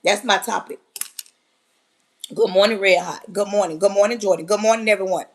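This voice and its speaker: A woman giving a fervent, preachy motivational talk on a live stream, hammering repeated phrases and often yelling. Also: medium pitch, fairly even intonation, fairly quick.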